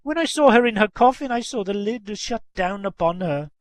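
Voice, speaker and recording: A man's voice: high voice, expressive, fairly quick, no room sound, pitched above the performer's own voice. A man voicing a grieving old lady. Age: older. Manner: sad, doubting, rising to emotional.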